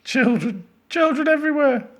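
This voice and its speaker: A man's voice: medium pitch, very animated, a little slow, husky, pitched above the performer's own voice, full character voice. A man voicing a spiteful grown male toy-shop owner who shrieks in indignation, reading a storybook aloud. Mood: shrieking.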